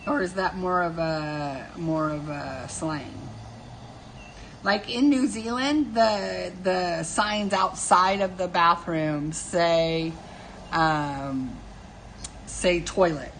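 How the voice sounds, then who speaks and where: A woman's voice: lowish voice, drawn-out words, a little hiss or hum. A middle-aged woman hosting a casual live stream, telling family stories with frequent laughter and answering viewers' comments.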